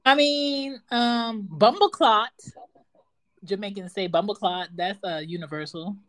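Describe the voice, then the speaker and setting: A woman co-hosting a casual chat, talking in an animated, slangy way and quoting phrases. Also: mid-range voice, no room sound. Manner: animated, slangy, jumps in with quick quotes. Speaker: podcast co-host.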